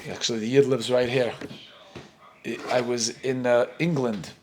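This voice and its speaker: A middle-aged man with an American accent, a rabbi telling lively stories while teaching a Talmud class and acting out the dialogue. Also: mid-range voice, normal speed, a little hiss or hum. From United States. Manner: animated storyteller, acts out dialogue, laughs often.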